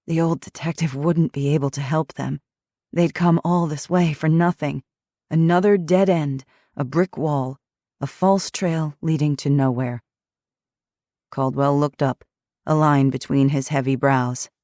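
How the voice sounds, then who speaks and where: A woman narrating an audiobook in a measured, steady storytelling manner. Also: low-pitched, dry recording, studio quality.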